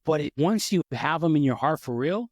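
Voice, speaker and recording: A man's voice: on the high side, animated, moderate pace, dry recording, studio quality. A man co-hosting a faith podcast, talking with eager enthusiasm and often stopping mid-sentence to restart. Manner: enthusiastic, rambling, many restarts. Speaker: podcast co-host. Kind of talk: casual faith podcast chat.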